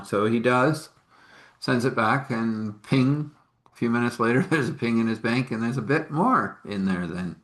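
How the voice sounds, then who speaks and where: A man's voice: medium pitch, normal speed, a bit bright, reverberant. A man telling an informal faith story in a rambling, chuckling, conversational way.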